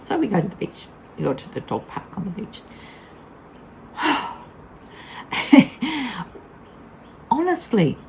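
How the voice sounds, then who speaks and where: A woman's voice: medium pitch, darkish tone, slight background noise, low-quality recording. An older woman tells a casual vlog story in a blunt, candid way, laughing often. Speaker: vlogger.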